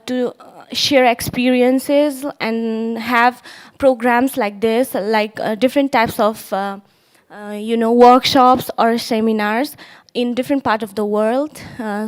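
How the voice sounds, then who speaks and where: A young woman from Nepal speaks eagerly at a panel, pausing often with fillers. Her voice sits a bit high. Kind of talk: panel discussion remarks.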